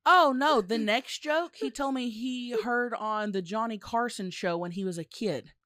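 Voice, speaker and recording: A woman's voice: on the high side, unhurried, fairly bright tone, no echo. A woman co-hosting a podcast, chatting casually and enthusiastically. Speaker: podcast co-host. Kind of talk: casual chat.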